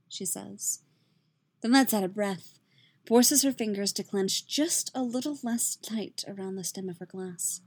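A woman reading a story aloud in a soft, steady, intimate narration. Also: mid-range voice, a little slow, breathy edge. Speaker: reader. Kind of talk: audiobook-style fiction reading.

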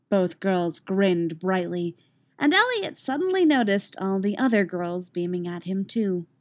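A woman narrating a novel in a steady, even storytelling voice. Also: medium pitch, measured pace, no room sound. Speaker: audiobook narrator. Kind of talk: scripted narration.

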